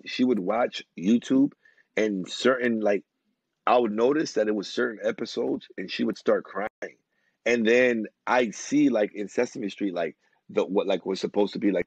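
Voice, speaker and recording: Low husky man, rambling guest. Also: a little mellow, no room sound. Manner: rambling, many restarts and fillers. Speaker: podcast guest. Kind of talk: casual chat. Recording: dry, muffled lo-fi sound.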